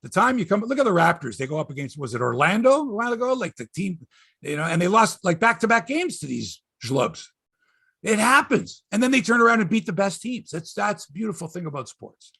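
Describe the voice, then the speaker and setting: A man's voice: sits high, big pitch swings, a little fast, creaky, pushed and bright, breathy edge. A middle-aged Canadian man hosting a sports podcast, chatting casually in a rambling, profane, wry way. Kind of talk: casual chat.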